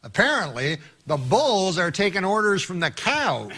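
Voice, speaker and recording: A man reading mock news jokes in slow deadpan anchor style from an archive broadcast. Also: high voice, heavy background noise. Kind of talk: mock newscast.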